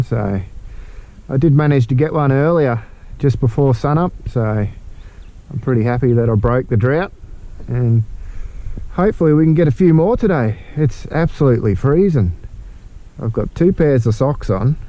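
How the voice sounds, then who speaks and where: Laid-back Australian fishing vlogger. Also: male voice, medium pitch, muffled recording. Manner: laid-back, chatty, talks to viewers while fishing. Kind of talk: casual outdoor vlog. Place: on a kayak outdoors on the water. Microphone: action camera.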